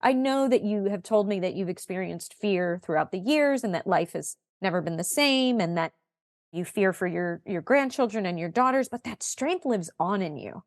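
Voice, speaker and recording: Gentle female co-host, dry sound. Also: mid-range voice, animated, normal speed, no room sound. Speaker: podcast co-host. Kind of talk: interview questioning.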